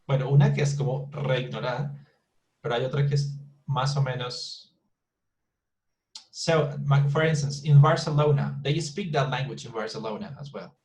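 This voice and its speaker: Teaching English online, a man whose first language is Spanish talks at an ordinary speed with a medium-pitched, somewhat dark tone, and the audio quality is poor. He demonstrates pronunciation by repeating words and restarts many times.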